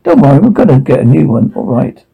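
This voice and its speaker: A man's voice: medium pitch, big pitch swings, fast, vocal fry, husky, highs cut off, exaggerated voice. A man voicing a remorseful father who pleads and apologizes to his family. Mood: soothing.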